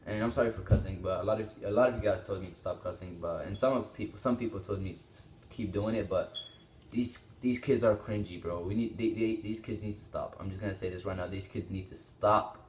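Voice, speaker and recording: A man's voice: fairly low pitch, fairly even intonation, fairly quick, roomy sound. A teenage boy hosting a reaction video, rambling and exclaiming, often swearing, on a small microphone. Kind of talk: casual reaction commentary. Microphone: small desktop microphone.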